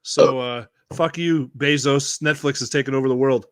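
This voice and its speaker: A man co-hosting a podcast, excitable and profane in casual banter. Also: medium pitch, normal speed, smooth, no echo, clean studio sound. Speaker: podcast co-host.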